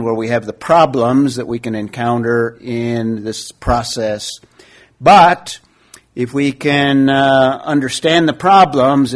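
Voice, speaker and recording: A man teaching a Bible study class, explaining scripture in a measured way with rhetorical questions and emphatic stress on key words. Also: medium pitch.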